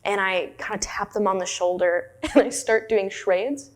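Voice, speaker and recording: A woman's voice: mid-range voice, moderate pace. Woman telling a candid dharma story. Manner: candid, self-deprecating storytelling with laughs and fillers. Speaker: meditation teacher. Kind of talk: dharma talk.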